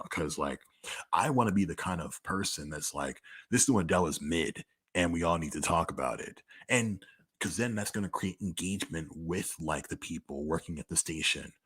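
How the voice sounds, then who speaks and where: Super deep husky guy just talking, young, blunt and sweary, lots of "like". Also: moderate pace, a bit bright. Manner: candid, profane, conversational with frequent "like". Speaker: podcaster answering listener questions. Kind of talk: casual monologue.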